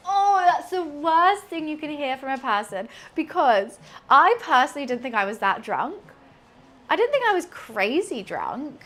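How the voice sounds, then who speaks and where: A young woman with a British accent chats through a cooking livestream. Her voice sits high, and she tells long, excitable stories that keep trailing off into laughter. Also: moderate pace. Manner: rambling, excitable storytelling with frequent laughter. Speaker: streamer. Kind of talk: casual chat while cooking on a livestream.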